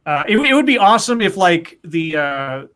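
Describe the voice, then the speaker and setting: Higher-voiced man reading news on a podcast. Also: big pitch swings, normal speed, fairly bright tone. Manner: reads quotes aloud with frequent fillers. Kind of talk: casual news commentary chat.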